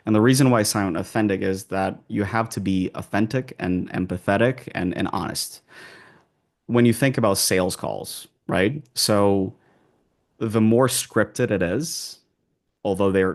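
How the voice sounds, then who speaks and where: A man's voice: lowish voice, gravelly. A man with an American accent, working as an accent coach, answering interview questions in a loose, conversational way full of fillers and restarts.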